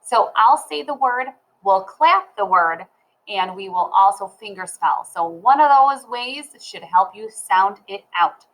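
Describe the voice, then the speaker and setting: A woman's voice: mid-range voice, animated, unhurried, fairly bright tone, rough recording. A woman teaching a reading lesson, sounding words out syllable by syllable and spelling them letter by letter.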